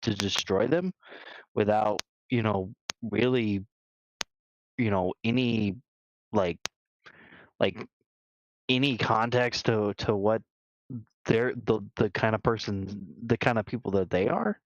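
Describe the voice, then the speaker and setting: A man's voice: on the low side, slow, pauses often. A man co-hosting a gaming podcast, talking casually in a rambling way, full of restarts and "you know.". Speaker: podcast co-host. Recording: dull lo-fi dry sound.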